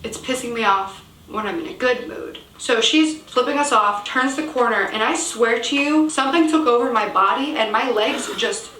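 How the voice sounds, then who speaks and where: A young woman telling a storytime tale in an expressive manner, swearing and laughing as she goes. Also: a little high, normal speed, hardly any pauses, distant mic. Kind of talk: animated storytime vlog. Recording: echoey room with faint noise.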